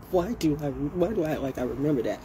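Outdoors, amid birdsong and passing traffic, a motivational speaker addresses her audience directly. Her deep, mellow voice carries a blunt, passionate message delivered casually and with emphasis, on a noisy recording.

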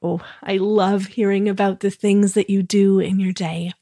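Gentle woman hosting a kids' bedtime show. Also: mid-range voice, little pitch movement, normal speed, no echo, studio quality. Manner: gentle, soothing, encouraging. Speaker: host of a children's podcast. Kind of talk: bedtime guided talk for children.

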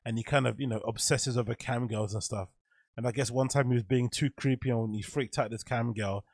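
A man's voice: medium pitch, fairly even intonation, brisk, vocal fry, a little mellow, no room sound, studio quality. A man streaming casual reaction commentary, incredulous and laughing often.

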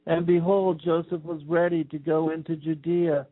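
A man reading an old scripture text aloud in a slow, measured, solemn way. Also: a little high, little pitch movement. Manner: slow, measured, archaic phrasing. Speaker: scripture reader. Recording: tinny phone-like sound.

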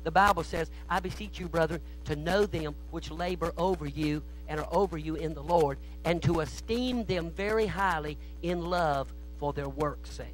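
A man preaching a sermon in a church, telling stories that swing from hushed asides to loud shouting. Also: fairly high pitch, normal speed, few pauses, faint music behind, low-quality recording. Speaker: guest preacher. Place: church sanctuary.

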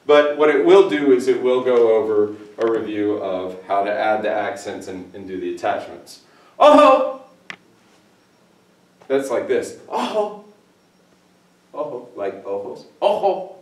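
A man teaches Spanish commands in a playful, joking way, his pitch swinging widely as he explains. He is recorded from a distance in an echoey room. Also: normal speed. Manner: playful, jokey, animated asides. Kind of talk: classroom video lesson.

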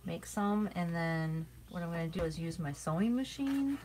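A woman's voice: on the low side, normal speed. A middle-aged woman hosting a craft livestream, chatting casually with viewers while she demonstrates and yawns now and then. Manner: chatty and relaxed, with frequent yawns. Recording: steady background noise.

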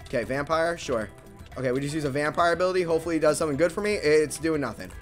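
A young man giving frantic, swearing gameplay commentary as a gaming video creator, swinging between mumbling and yelling. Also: on the high side, very fast, soft background music.

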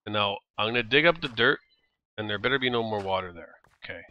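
A man with a Canadian accent streaming a video game, chatting in a rambling, jokey way and quick to laugh. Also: on the low side, animated, highs cut off. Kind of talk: casual gameplay chat.

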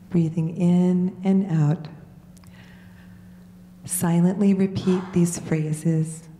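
Slow, soothing woman leading meditation. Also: lowish voice, dark tone, slight background noise. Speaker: meditation leader. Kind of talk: guided meditation. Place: large hall. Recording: echoey hall reverb.

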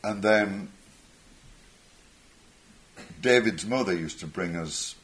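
An older musician, a guest on stage, has a deep yet fairly bright voice and speaks at a moderate pace. He rambles through anecdotes with chuckles and acted-out character voices.

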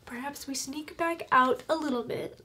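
A woman's voice: high-pitched, normal speed, pushed and bright, slight background noise. A woman playing a tabletop game, chatty and rambling through her ideas. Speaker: player. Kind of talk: casual tabletop game play.

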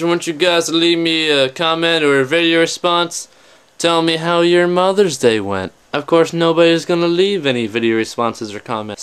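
Young male vlogger, slightly high, smooth clean voice; scattered, self-deprecating bedroom chatter to camera. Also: fairly bright tone. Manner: jumpy, self-mocking, talks straight to the camera. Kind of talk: rambling casual vlog to camera. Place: his bedroom.

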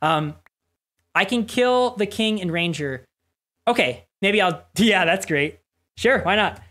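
An adult streamer giving rambling, excitable live commentary while playing game boss fights, with sudden yelps. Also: medium pitch, takes it slowly. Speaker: streamer playing community-made game bosses.

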